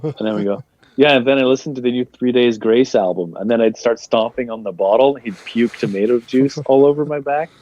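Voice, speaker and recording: A man's voice: medium pitch, brisk, dark tone, no room sound. A young man, a guest comedian, rambling casually through an interview in a laid-back way. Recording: dull lo-fi dry sound.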